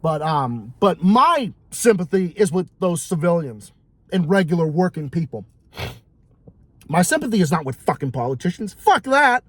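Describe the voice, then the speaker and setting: A man's voice: sits high, big pitch swings, normal speed, no echo. A man vlogging a heated monologue, ranting profanely and repeating himself for emphasis.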